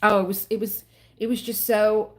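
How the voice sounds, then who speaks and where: A woman's voice: medium pitch, flat delivery, normal speed. A middle-aged woman from the Philadelphia area, hosting a livestream and chatting in a rambling, emotional way with her viewers. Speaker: livestream host. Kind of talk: casual chat with live viewers.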